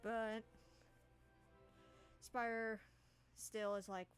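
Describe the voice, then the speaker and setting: A woman narrating a tabletop game as game master, casual and quick to laugh at herself. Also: medium pitch, expressive, fairly bright tone, faint music behind. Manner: laughing, self-deprecating, casual.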